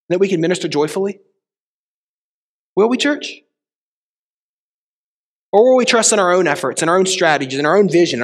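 A man preaching a sermon to a small church, driving his points with repeated rhetorical questions. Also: high voice. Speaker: pastor. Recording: long reverb of a church hall.

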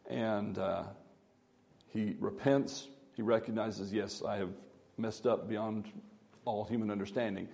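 A man giving a Bible teaching in a halting way with many fillers, reading scripture aloud with more emphasis. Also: on the low side, vocal fry, dark tone.

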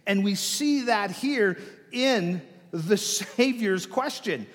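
A man preaching a sermon as pastor, dramatic, dropping to hushed whispers and swelling loud, often repeating words as he restarts phrases. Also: high voice, lively intonation, slow pace. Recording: long hall reverb.

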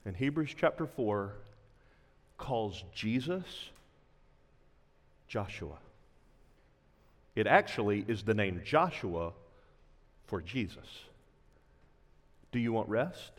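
A man preaching a sermon as a pastor, impassioned, dropping to a hush at times. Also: fairly low pitch, sing-song, takes it slowly, pauses often, long reverb tail.

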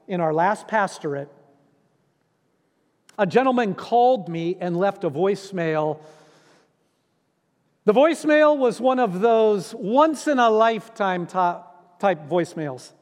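A man's voice: high-pitched, animated, a little slow, long pauses, darkish tone. A middle-aged man preaching a sermon as pastor, earnest and emphatic, repeating key phrases for weight. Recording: long reverb in a large hall.

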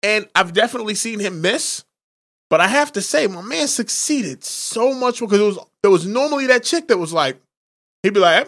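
A man's voice: high voice, animated, moderate pace, fairly bright tone. Man telling loose crude stories. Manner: loose storytelling, acts out quotes. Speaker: podcast co-host. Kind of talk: casual crude chat.

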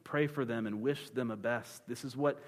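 A man preaching a sermon, retelling a scripture story in a lively, joking way with comic asides. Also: mid-range voice, moderate pace. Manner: animated, playful storytelling with dad-joke humor. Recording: long reverb of a large hall.

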